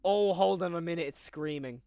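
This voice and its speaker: On a live stream, a young man with a fairly high-pitched voice talks in a rambling, chatty way and is quick to get worked up with excitement.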